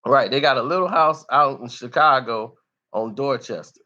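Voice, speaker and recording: A man's voice: mid-range voice, normal speed, sharp tone, lo-fi sound. A man telling a story in casual street slang, loose and chatty, often tossing in "you know".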